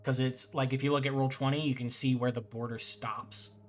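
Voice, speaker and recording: A young man sits at the game master's seat of a tabletop game, laying out rulings in a relaxed, stop-and-start way. His voice sits at an ordinary middle pitch. Faint music plays behind him. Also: fairly quick. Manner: relaxed, explains rules with fillers and restarts.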